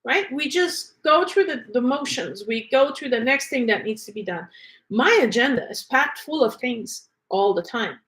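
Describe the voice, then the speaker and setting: A woman's voice: a little high, animated, normal speed, fairly bright tone, poor audio. A woman teaching energy work in a casual, conversational way, often asking rhetorical questions. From Canada.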